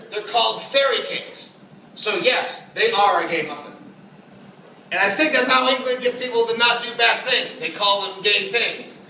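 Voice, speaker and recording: A brash, crude stand-up comic works a small club from some way off the mic, his bright, high voice ringing around the room. He talks fast and loose and breaks now and then into shouted put-on voices. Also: slight background noise. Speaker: stand-up comedian. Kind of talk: open mic stand-up set. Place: small comedy club stage. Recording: echoey room, mic at a distance.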